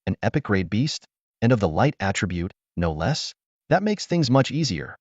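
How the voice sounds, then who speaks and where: A man voicing an older, hearty veteran warrior who is resolute and proud, speaking in a booming, commanding way. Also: very animated, moderate pace, dry recording, highs cut off. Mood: approving.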